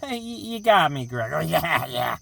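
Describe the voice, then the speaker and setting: A man's voice: a little high, vocal fry, pushed and bright. A man co-hosting an improvised comedy audio play, talking in a stammering, flustered, pleading way.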